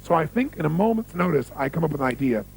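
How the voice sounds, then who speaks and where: A man's voice: on the high side, very animated, fast talker, gravelly, slightly rough, low-quality recording. A man giving a motivational seminar talk on stage, telling stories, repeating key phrases for emphasis and quizzing the audience. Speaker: motivational speaker.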